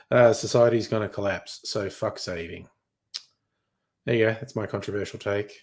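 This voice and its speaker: A man's voice: lowish voice, steady tone, normal speed, a little mellow. A young man reading headlines in a casual chat, crude and sardonic, swearing freely. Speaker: streamer.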